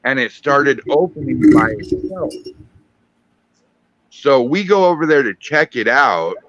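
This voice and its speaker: A man's voice: mid-range voice, lively intonation, measured pace, a bit bright, no echo, highs cut off. A man co-hosting a podcast, telling a joking story in casual chat. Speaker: podcast co-host.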